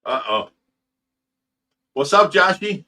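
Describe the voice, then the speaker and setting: A loud, laughing middle-aged man hosts a casual livestream, reading out viewer comments with a bright, forceful tone. His voice sits a bit high for a man. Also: big pitch swings, takes it slowly. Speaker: livestream host reading chat. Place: fish room at home.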